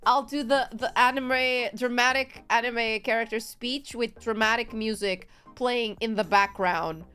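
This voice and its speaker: A woman's voice: on the high side, fairly even intonation, measured pace, bright, forceful tone, clear, resonant tone. A woman streamer chatting casually on a live stream, rambling in a giggly, playful way. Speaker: VTuber streamer.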